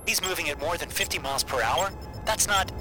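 A man's voice: fairly high pitch, fairly quick, voice pushed up, close to an everyday voice. A man voicing a nervous male astronaut leader whose voice trembles. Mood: tense. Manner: tense, trembling voice. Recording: loud background music.

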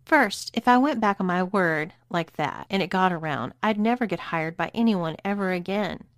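A woman's voice: on the low side, moderate pace, dry recording, clean studio sound, close to an everyday voice. A woman voicing a stern, bossy dominatrix who talks in a mocking, commanding way.

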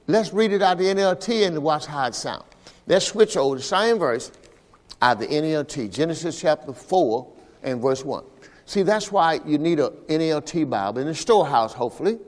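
A man's voice: on the high side, animated, fairly quick, big-room sound. A man, the pastor, preaching a sermon at a church service and calling for responses from the congregation. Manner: call-and-response preaching, repeating "all right" to the congregation.

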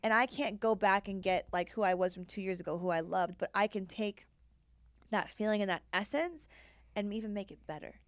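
A woman's voice: medium pitch, a little fast, no echo. A woman co-hosting a casual podcast chat. She talks candidly, swears freely and acts out quoted dialogue. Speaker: podcast co-host.

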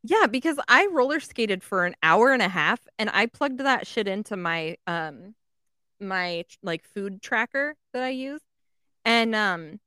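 A woman's voice: mid-range voice, expressive, unhurried, sharp tone, clean tone, no echo, studio quality. A woman co-hosting a casual podcast, enthusiastic, swearing, with lots of fillers. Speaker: podcast co-host. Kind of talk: casual chat.

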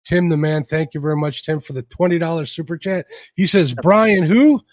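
A male podcast host chats loosely with his guests, often stumbling and restarting as he reads out viewer comments. His voice sits a little high for a man, and the sound is dry and close. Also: steady tone, brisk, darkish tone, no echo. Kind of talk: casual livestream chat.

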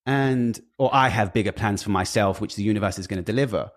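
A British man who works in the music industry appears as a guest in a casual chat. He talks at a quick pace with few pauses in a lowish voice, telling animated stories and swearing often.

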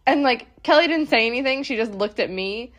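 A woman's voice: a little high, expressive, a little fast, fairly bright tone. A young adult woman co-hosting a podcast in casual chat, giggly and rambling with lots of "like". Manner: giggly, rambling, heavy "like" filler. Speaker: podcast co-host.

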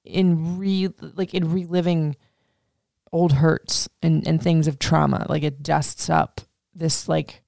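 A woman's voice: deep voice, level tone, slow pace, creaky, warm tone, no room sound, clean studio sound. A woman podcast host telling a personal story in casual, rambling talk, full of swearing and "like". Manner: rambling, profane, heavy use of "like".

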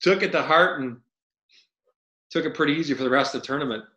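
Bright-voiced man telling animated stories. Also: a little high, fast, roomy sound, rough recording. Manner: animated storyteller acting out quotes, laughs often. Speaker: podcast guest, retired hockey player. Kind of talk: casual storytelling.

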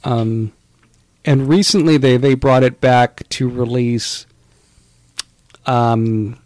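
A man's voice: medium pitch, steady tone, slow, a little mellow, no room sound. A man co-hosting a casual podcast chat about retro video games, rambling along with lots of fillers and restarts. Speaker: podcast co-host.

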